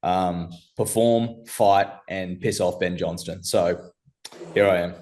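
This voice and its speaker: A man's voice: deep voice, fairly even intonation, takes it slowly, darkish tone. A young man being interviewed, laid-back and slangy, calling people bro. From Australia. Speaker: amateur MMA fighter guest. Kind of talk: casual interview chat.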